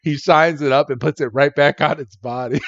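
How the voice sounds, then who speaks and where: A man co-hosting a podcast, recapping a cartoon episode with lots of laughter and excited, yelled character quotes. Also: a little high, moderate pace, dry recording, dull audio. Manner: animated, laughs often, jumps into excited character voices. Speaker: podcast co-host. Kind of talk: casual episode recap chat.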